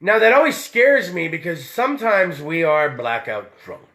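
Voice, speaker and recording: High lively rowdy man hosting. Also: moderate pace. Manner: rowdy, tipsy, swears a lot. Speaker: podcast host. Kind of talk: loose profane live-stream chat.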